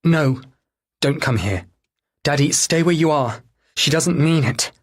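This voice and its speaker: Male narrator doing a high, strained, anxious young wife for an audiobook; breathy. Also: expressive, unhurried. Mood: pleading. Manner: pleading, strained. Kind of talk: audiobook dialogue.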